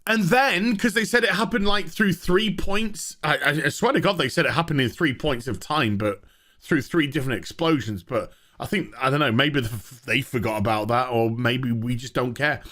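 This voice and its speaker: A man's voice: medium pitch, normal speed, a bit bright. A man reviewing a TV show in a sarcastic, swearing rant, laughing at his own jokes. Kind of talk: ranting casual commentary.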